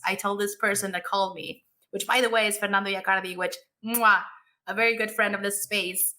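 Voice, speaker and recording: Bright-voiced chatty woman. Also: medium pitch, normal speed. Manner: excited, chatty, laughs often. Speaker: podcast co-host. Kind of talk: casual podcast chat.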